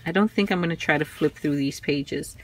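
A woman's voice: deep voice, a little fast. A woman showing fragile old magazines in a casual vlog, exclaiming in awe and handling them carefully. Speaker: vintage craft vlogger. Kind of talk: casual show-and-tell.

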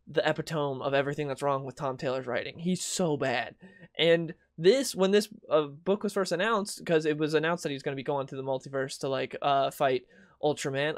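A man's voice: fairly high pitch, clear, resonant tone, dry recording, clean studio sound. A young man hosting a comic book video, ranting casually and sarcastically with mocking quoted voices. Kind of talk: casual opinion commentary.

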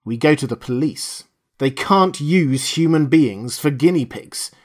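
A man's voice: fairly high pitch, animated, a little slow, a little mellow. A man playing a desperate, grim man holding others at gunpoint, blunt and threatening, in an audiobook reading. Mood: determined.

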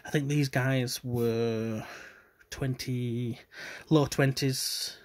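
A man giving subdued, self-deprecating commentary while opening trading cards, with low-key delivery and trailing hesitations. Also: fairly even intonation, very slow. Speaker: card collector vlogger. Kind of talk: casual card-opening commentary.

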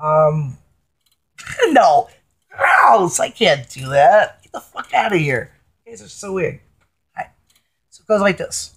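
Slow, jokey middle-aged woman. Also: fairly low pitch, sing-song, husky. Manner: jokey, rambling, self-deprecating; bluesy half-sung delivery. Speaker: amateur singer-songwriter. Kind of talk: casual home video with singing.

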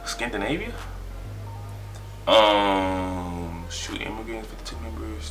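A young man in his twenties, chatting excitedly in a casual vlog and trailing off as he reads his results aloud. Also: on the low side, a little slow, soft background music. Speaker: vlogger.

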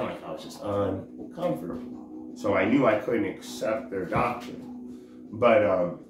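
Slow, halting man in an echoey room. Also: medium pitch. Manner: halting, searches for words, restarts often. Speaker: religious teacher. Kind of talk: informal scripture teaching. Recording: roomy echo, faint background noise.

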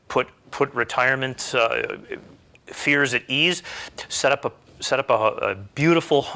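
A man's voice: mid-range voice, pushed and bright. A middle-aged man giving a motivational self-help talk, emphatic and full of rhetorical questions.

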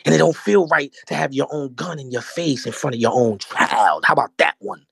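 New york guy, fast and raspy, streetwise storytelling, loops back on himself a lot. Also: mid-range voice, dry recording, clean studio sound. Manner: animated, streetwise, repeats himself. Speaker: podcast guest. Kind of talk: casual storytelling.

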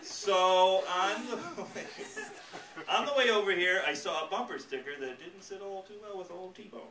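A male stand-up comedian doing a set on a comedy club stage, animated and jumping into loud character voices, with audience laughter behind him. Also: high-pitched, moderate pace, noisy background. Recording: roomy live club sound from a distance.

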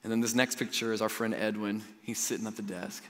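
A male pastor preaching a sermon, telling stories in an animated way and using a lot of casual "like" fillers. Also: lowish voice, fast. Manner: animated storytelling with frequent "like" fillers. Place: church sanctuary. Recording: long hall reverb.

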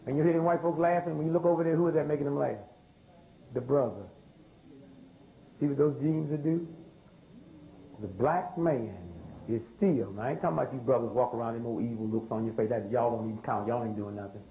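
A man's voice: mid-range voice, a little fast, vocal fry, dark tone, a little hiss or hum, low-quality recording. An older man, lecturing a live audience, throwing rhetorical questions and asking for responses. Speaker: speaker.

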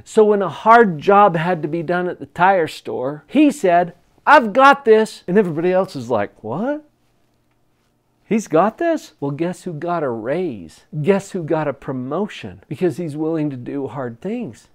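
A man coaching teens in a motivational talk to camera, energetic and emphatic, getting loud on key phrases. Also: fairly high pitch, normal speed, few pauses. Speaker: parenting coach.

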